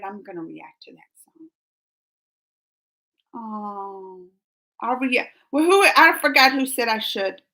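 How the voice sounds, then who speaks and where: Woman host, casual live-chat reader, giggly and chatty, high bright voice. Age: adult under 45. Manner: chatty, giggly, reads comments aloud. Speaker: reaction channel host reading live chat.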